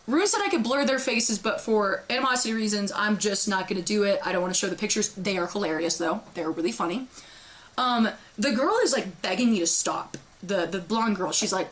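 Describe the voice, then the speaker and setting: A young woman streamer telling her chat a story in a loud, profane way, reenacting her own screaming. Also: mid-range voice, fairly quick.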